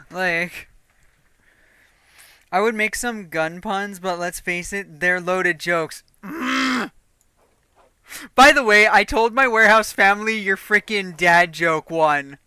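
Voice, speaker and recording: A woman streaming a game and chatting casually, profane and quick to laugh. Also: mid-range voice, bright, forceful tone, clear, resonant tone, no room sound. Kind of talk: casual gaming stream chat.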